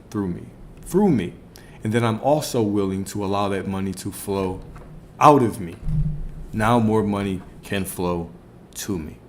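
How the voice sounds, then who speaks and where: A man's voice: lowish voice, darkish tone, a little hiss or hum. A man giving a casual spiritual teaching on a livestream, reflective, repeating phrases and asking his listeners questions. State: a little out of breath. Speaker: spiritual coach streaming to viewers.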